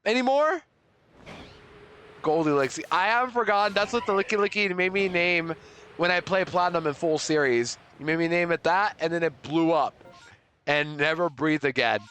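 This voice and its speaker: A young man streaming a game live, chatting with viewers and loudly overreacting to surprises. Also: on the high side, normal speed, slight background noise.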